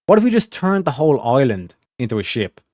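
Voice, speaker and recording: A man's voice: mid-range voice, big pitch swings, brisk, darkish tone, no echo, clean studio sound. A man hosting a livestream, chatting casually and rambling with plenty of "like" and swearing. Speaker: livestream host.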